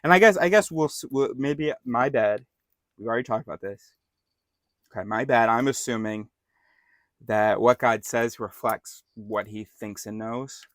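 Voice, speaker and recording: A man's voice: mid-range voice, normal speed, fairly bright tone, no room sound, clean studio sound. Joking, irreverent man reading scripture. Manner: irreverent, joking, self-correcting, laughs often. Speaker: bible study host. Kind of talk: casual scripture commentary.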